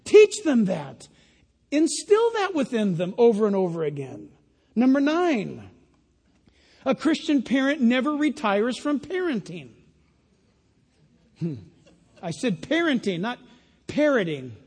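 A man preaching a sermon as a pastor, in an animated style that mocks other voices in put-on quotes. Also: very high voice, measured pace, pauses often, slightly rough. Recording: long reverb of a large hall.

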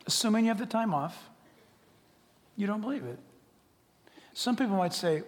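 A male pastor preaches an animated sermon, playing both sides of imagined conversations and dropping to whispers. His voice sits high, a little fast, with frequent pauses and a long reverb tail.

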